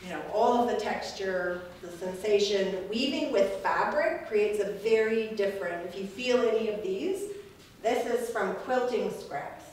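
A woman's voice: mid-range voice, unhurried, darkish tone. Reflective woman speaking in an echoey room. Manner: reflective, rambling, laughs often. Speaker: weaving artist giving a talk. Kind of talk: casual gallery talk. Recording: echoey room from a distance, faint noise.

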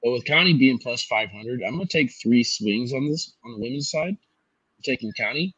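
A man co-hosting a sports podcast, talking through his betting picks in a measured, analytical way. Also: medium pitch, expressive, fairly bright tone, breathy edge, dry recording, lo-fi sound. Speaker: co-host.

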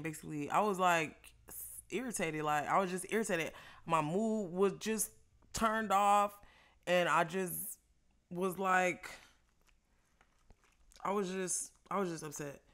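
A young woman casually telling a story while eating, animated and profane, laughing often. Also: fairly low pitch, measured pace, pauses often. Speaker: vlogger.

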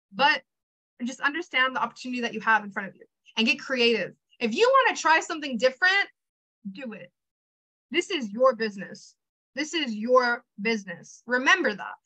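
A young woman with a high, bright voice gives a motivational training to her team. She talks in an energetic, chatty way, full of fillers and quick asides, and she rallies her listeners directly. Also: poor audio.

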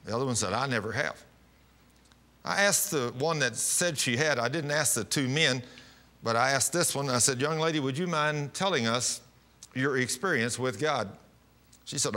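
A man's voice: medium pitch, moderate pace, bright, forceful tone. A man preaching on a televised program, telling personal stories in a folksy, rambling way with frequent restarts. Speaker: pastor. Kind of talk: televised sermon with testimony. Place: television studio.

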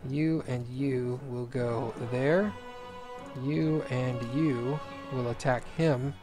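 A man's voice: mid-range voice, slow pace. A man streaming a fantasy role-playing game, chatting casually, laughing and gushing over cute finds. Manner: excitable, laughs often, squeals over cute things. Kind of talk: casual gameplay commentary. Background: game music.

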